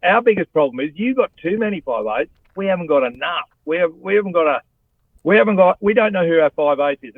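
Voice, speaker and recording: Calling in as a guest, a middle-aged ex-rugby player and radio host from Australia talks casually with animated, blokey energy and frequent "mate"s. His voice runs high, and the tinny phone audio has no echo.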